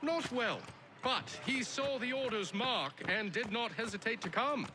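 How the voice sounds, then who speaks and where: An actor playing an earnest, deferential young officer in a video game, speaking formally. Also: male voice, very high voice, animated, unhurried. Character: earnest young male officer, eager to please.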